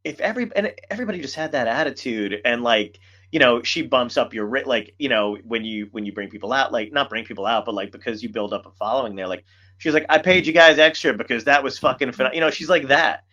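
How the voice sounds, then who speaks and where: Male podcast host, casual storyteller, salty language, average pitch, slightly dull recording. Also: quick pace. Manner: animated storyteller, swears a lot. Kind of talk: casual chat.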